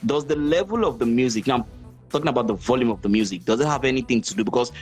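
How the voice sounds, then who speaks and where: A man's voice: medium pitch, very fast, soft background music. Man hosting, rambling and thoughtful. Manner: rambling and thoughtful, with many "you know" fillers. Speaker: podcast host. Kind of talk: casual podcast chat.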